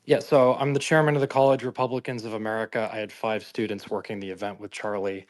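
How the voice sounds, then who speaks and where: A man's voice: on the low side, flat delivery, fast. A man who chairs a student group, giving careful, factual updates with some hesitation in a live audio room.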